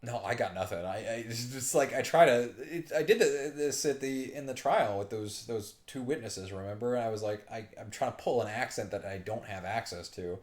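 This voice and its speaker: Brief: male streamer, mid-pitched, rambly and self-deprecating, roomy echo. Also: lively intonation, a little fast. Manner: chatty, self-mocking, rambling. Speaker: let's play streamer. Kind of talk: casual game playthrough commentary.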